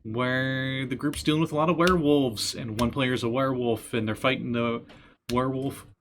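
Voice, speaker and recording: A man's voice: medium pitch, fairly even intonation, moderate pace, a little hiss or hum. A man who runs tabletop games, chatting casually and rambling with fillers and laughs. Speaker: game master and streamer. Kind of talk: casual chat.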